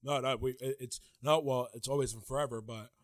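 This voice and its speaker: A man putting on the voice of an earnest, brooding young male vampire from a TV drama, speaking slowly and solemnly. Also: mid-range voice, fairly even intonation, dry recording, studio quality, pitched below the performer's own voice, lightly acted.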